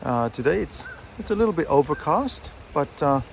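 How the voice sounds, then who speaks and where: A man's voice: fairly high pitch, big pitch swings, normal speed, gravelly, slight background noise. A man, an English teacher, giving a casual, chatty video lesson outdoors by a river while walking his dog, with fillers and self-corrections. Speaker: English teacher and textbook author.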